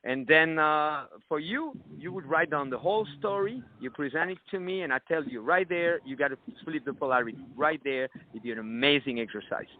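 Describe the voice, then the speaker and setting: A man's voice: fairly high pitch, a little fast, few pauses, slight background noise. A man speaking as a dating coach at a live seminar, blunt and crude. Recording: tinny phone-like audio.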